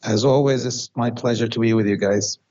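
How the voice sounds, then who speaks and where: A man speaking as a guest journalist in a radio interview, measured and halting. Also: medium pitch, fairly even intonation, a little mellow, no echo, dull audio.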